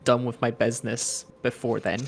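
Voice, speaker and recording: A man's voice: medium pitch, little pitch movement, moderate pace, creaky. A young man playing his character in a tabletop game over a voice call, playful and hesitant. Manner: playful, giggly, hesitant fillers. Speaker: player. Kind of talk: tabletop role-play with friends.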